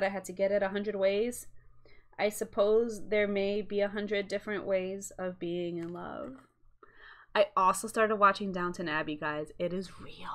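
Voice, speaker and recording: A young woman at home chatting casually through a cross-stitch haul, rambling with asides and quick apologies. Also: mid-range voice. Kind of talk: casual chat showing a craft haul.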